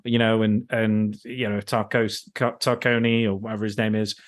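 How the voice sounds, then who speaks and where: A man's voice: on the low side, little pitch movement, moderate pace. A man hosting a podcast, ranting casually about a film with lots of swearing and restarts. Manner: ranting, profane, with frequent restarts. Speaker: podcast host.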